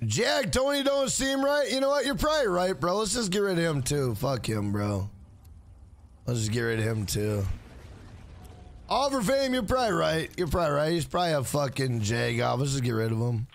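A man's voice: on the high side, very animated, moderate pace. A man live-streaming a video game, swearing often and greeting viewers in chat by name. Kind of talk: live gaming stream commentary.

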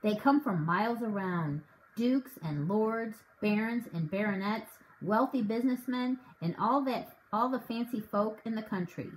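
An eager, scheming father with a bad leg who leans in to share a wild plan, read by a woman. The voice sits fairly high, and a faint hiss runs under the storybook reading. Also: unhurried, lightly acted, poor audio. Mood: explaining. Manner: conspiratorial, grows excited.

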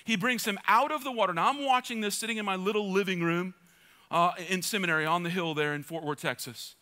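Bright high-voiced preaching man. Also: fast. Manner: passionate preaching, swinging between loud urging and soft asides; repeats phrases for emphasis. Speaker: pastor. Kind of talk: sermon.

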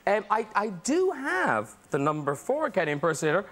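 A man's voice: high-pitched, wildly swooping pitch, a little fast, fairly bright tone, soft background music. A man with an Irish accent hosting a TV talk show, cheeky and teasing, laughing through his chat. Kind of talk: comic studio chat. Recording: TV studio with live audience.

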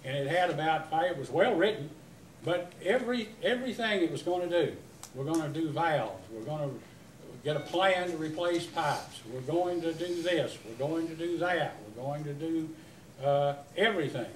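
A man's voice: a little high, expressive, moderate pace, slight background noise. A man, questioning a witness at a public hearing, emphatic and rambling with many restarts. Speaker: utility commissioner at a public hearing. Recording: echoey hearing room, mic at a distance.

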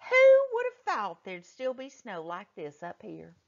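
A worried mother, as a woman reads her aloud, talks briskly with a lifted, anxious tone and a lively rise and fall. A muffled lo-fi recording dulls the storybook voice. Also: mid-range voice, gravelly, pitched above the performer's own voice, heavily acted. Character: worried mother driving up a snowy hill.

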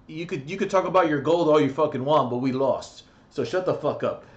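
A man's voice: a little high, a little fast, dull audio. A young man ranting brashly in a comedic gaming vlog from his bedroom, crude and mocking, swearing constantly. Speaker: gaming vlogger.

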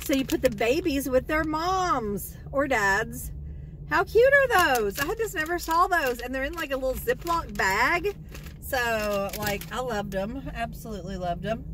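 Woman, chatty and excitable, bright tone, faint background noise. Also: high-pitched, a little slow, rough recording. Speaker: vlogger. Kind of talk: casual haul video chat.

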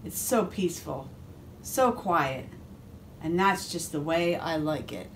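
A woman voicing a grumpy, orderly male duck who loves peace and quiet, prim and fussy, turning cross when disturbed. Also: low voice, normal speed, noisy background, pitched below the performer's own voice, close to an everyday voice. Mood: contented.

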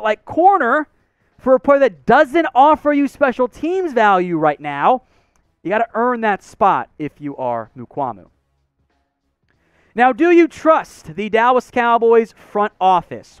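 Male live-stream sports host; smooth, crisp voice in a dry space, energetic banter. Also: high voice, no echo. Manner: energetic, animated banter with viewers.

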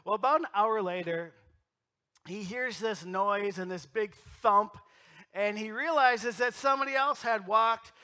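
A middle-aged man pastor delivers a storytelling sermon in a church. His voice sits high for a man and rings bright and forward. He swings from punchy, loud emphasis to soft, intimate asides. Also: unhurried. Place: church sanctuary.

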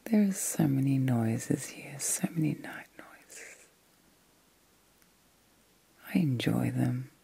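Whispering middle-aged woman, gravelly and breathy. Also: rumbling low, animated, mellow, no echo. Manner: slow, soothing and reflective. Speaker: ASMR host. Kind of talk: whispered ASMR vlog. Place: in bed at night.

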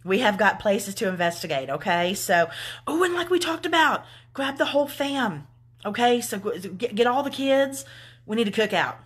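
A woman's voice: a little high, sing-song, normal speed. A middle-aged woman with a Southern US accent, an author reading her own book aloud and then chatting with her live viewers in an effusive way, swearing freely.

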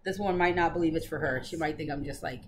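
A woman's voice: deep voice, fast talker, slight background noise. A woman hosting a casual cross-stitch video chat, bubbly and chatty with many fillers. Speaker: Flosstube host.

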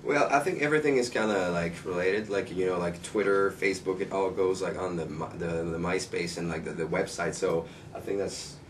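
Easygoing band member with a lowish voice. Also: male voice, fairly quick, few pauses. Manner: relaxed, filler-heavy, says like and you know a lot. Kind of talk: casual interview answers. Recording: distant mic, faint noise.

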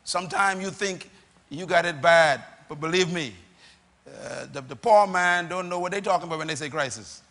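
A man preaching a sermon to a live congregation, rousing them into call-and-response with bursts of shouting, recorded in a large church hall. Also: a little high, normal speed. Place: church or auditorium. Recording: long reverb of a large hall.

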